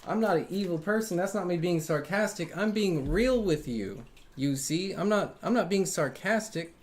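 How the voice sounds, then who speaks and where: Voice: medium pitch, lively intonation, normal speed. A tarot reader hosting a live stream, talking casually and earnestly to viewers, defensive and emphatic, repeating phrases and tagging lines with "right?" and "man". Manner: frequent fillers like "right?" and "man".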